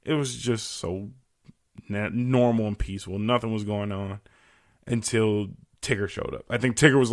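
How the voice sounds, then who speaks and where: Young guy, podcast host, loose profane rant, slightly low voice. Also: darkish tone. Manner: profane, ranting, casual. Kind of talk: solo comedic rant.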